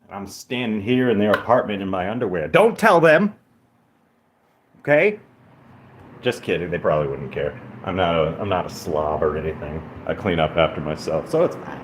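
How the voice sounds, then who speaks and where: A man's voice: sits low, a little fast, few pauses, reverberant, background noise. A man streaming casually from an apartment, rambling and self-deprecating, cooing at a cat between thoughts. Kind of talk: casual livestream chat. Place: indoors in an apartment.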